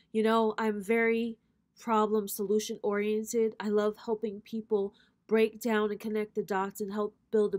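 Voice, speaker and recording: A woman's voice: medium pitch, darkish tone, no room sound, clean studio sound. Blunt, profane woman giving spiritual advice. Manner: blunt, profane, preacher-like cadence. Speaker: spiritual reader and host. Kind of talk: casual spiritual pep talk to viewers.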